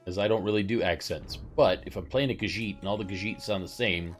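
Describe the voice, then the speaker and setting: A man's voice: sits low, brisk, soft background music. A man streaming a video game, chatting casually and joking about himself. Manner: self-deprecating, joking.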